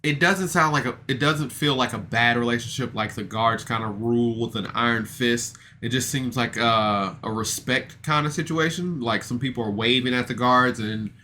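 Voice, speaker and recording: A man's voice: mid-range voice, moderate pace, few pauses, pushed and bright, slight background noise. A man recapping a podcast episode in a casual, rambling way, self-deprecating and full of fillers and restarts. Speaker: podcast reviewer.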